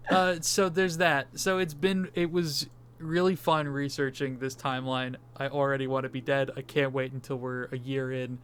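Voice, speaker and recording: A man with a medium-pitched, fairly bright voice speaks in a flat delivery at a moderate pace, with a little hiss or hum. He co-hosts a casual movie discussion podcast, rambling, swearing freely, and making silly beep noises.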